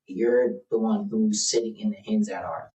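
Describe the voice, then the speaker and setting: A man's voice: lowish voice, big pitch swings, moderate pace, vocal fry, warm tone, dull audio. A man, a podcast guest, speaking in a thoughtful, hesitant, casual way. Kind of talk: casual faith chat. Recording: roomy, distant mic.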